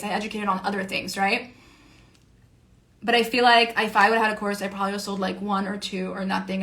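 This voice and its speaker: A woman's voice: mid-range voice, a bit bright. A woman creator talking in a casual monologue, rambling, swearing freely and saying "like" constantly. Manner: rambling and profane, heavy use of "like". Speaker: online creator and educator.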